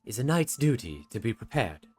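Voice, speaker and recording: A man voicing a resolute male knight who speaks in a calm, solemn way. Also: medium pitch, moderate pace, husky, soft background music.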